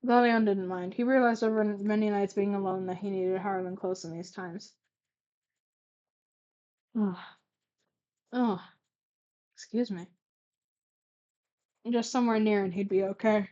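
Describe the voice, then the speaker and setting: A woman's voice: medium pitch, steady tone, moderate pace, pauses often, darkish tone, highs cut off. A young woman casually reading her own old fanfic aloud, stuttering and stumbling with fillers and self-corrections, and commenting along the way.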